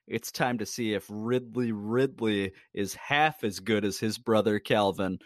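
A man's voice: on the low side, a little slow, dry recording, studio quality. A man co-hosting a podcast, chatting casually about sports in a blunt, emphatic, teasing way. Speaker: podcast co-host.

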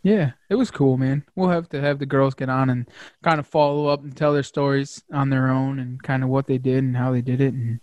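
A man hosting a casual hunting podcast, talking excitedly with lots of fillers and the odd curse word. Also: mid-range voice, fairly quick, no echo, muffled recording. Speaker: podcast host.

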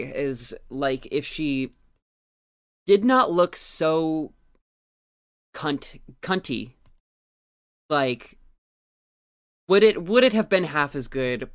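A podcast co-host in casual chat, talking about a film with enthusiasm and a freely profane edge. The voice sits at a middle pitch. The delivery is loose and chatty. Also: animated, slow pace, long pauses, clear, resonant tone.

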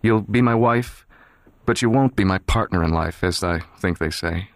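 A cold, controlled young man, played by a man in a dramatized audiobook, speaking low and evenly. His tone stays quiet, measured and detached. The recording is dry and close, with no room sound. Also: dry recording, lightly acted. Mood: cold, serious.

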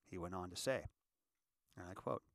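A man giving a reflective inspirational talk, calling listeners ladies and gentlemen and repeating phrases for emphasis. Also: low voice, normal speed, vocal fry, no room sound, clean studio sound. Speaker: inspirational speaker.

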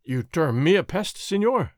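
A man's voice: a little high, very animated, measured pace, a little mellow, no room sound, clean studio sound. A man reading aloud as a languid, mocking young Spanish nobleman, in an old adventure storybook, with a drawling, idle delivery.

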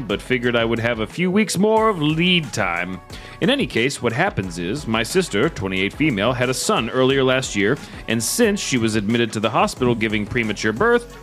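A man's voice: mid-range voice, a bit bright. A man co-hosting a comedy podcast, reading online stories aloud and breaking in with laughing asides. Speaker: podcast co-host.

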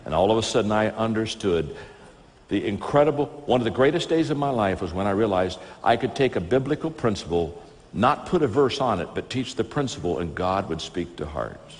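A man's voice: on the low side, fairly quick, big-room sound, a little hiss or hum. A man preaching, telling stories and acting out the dialogue in them. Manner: lively storyteller who acts out dialogue. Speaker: Christian speaker. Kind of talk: storytelling sermon.

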